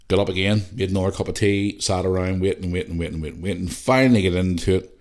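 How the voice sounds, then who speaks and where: A man with a deep, low voice recounts a story on his solo podcast. He talks casually and swears freely, often quoting what he thought at the time. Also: fast talker. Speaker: podcast host.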